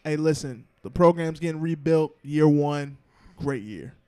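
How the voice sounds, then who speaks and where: A man's voice: on the high side, unhurried, warm tone, clean tone. A young man co-hosting a podcast, chatting casually and joking in a laid-back, slangy way. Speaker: podcast co-host. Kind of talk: casual chat.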